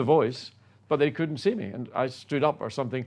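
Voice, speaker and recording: A man's voice: mid-range voice, moderate pace, a little mellow. An older man, a former racing driver, telling self-effacing stories from his career as a guest. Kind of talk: reminiscing anecdote.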